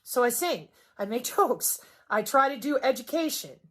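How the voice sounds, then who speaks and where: A woman's voice: sing-song, moderate pace. Sarcastic, cussing Midwestern woman vlogger. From Wisconsin, US Midwest. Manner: sarcastic, cussing, emphatic swings in pitch and loudness. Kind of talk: unscripted monologue vlog.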